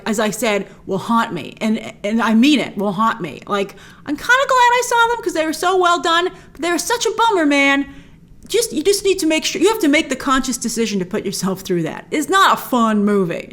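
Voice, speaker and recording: Animated woman reviewing a film. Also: on the high side. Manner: animated and emphatic, many restarts. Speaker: movie review host. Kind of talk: casual spoken film review.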